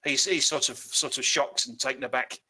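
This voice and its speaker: A male game master narrating an online tabletop session. His voice is bright and mid-pitched, and his delivery is loose and halting, full of restarts. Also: steady tone, husky.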